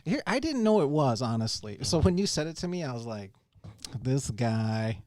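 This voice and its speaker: A man's voice: fairly high pitch, sing-song, quick pace, dry recording, studio quality. A man co-hosting a casual live-stream chat, teasing and joking with his friend. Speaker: co-host.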